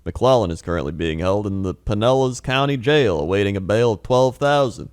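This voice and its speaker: A man putting on a low, deadpan voice to read a story like a late-night video narrator. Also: clear, resonant tone, no room sound, clean studio sound, lightly acted. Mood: solemn. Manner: deadpan, slow, low news-reading delivery. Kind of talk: mock news reading.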